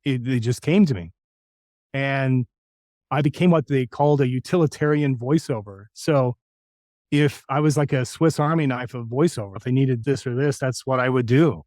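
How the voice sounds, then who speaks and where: A man's voice: mid-range voice, moderate pace, no room sound. Middle-aged man telling stories, dry sound. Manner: animated, slips into impressions of other voices. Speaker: voice actor guest. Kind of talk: casual interview storytelling.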